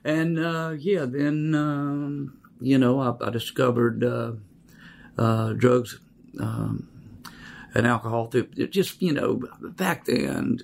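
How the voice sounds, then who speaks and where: A man, telling his life story in a halting, reflective way with many fillers. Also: mid-range voice, gravelly. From Mississippi, USA.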